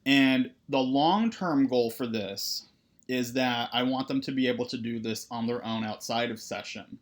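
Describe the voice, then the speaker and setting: A man who is a therapist, lecturing on counseling in a loose, conversational way, often checking in with "right?" and filling pauses with "uh". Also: medium pitch. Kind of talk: recorded lecture.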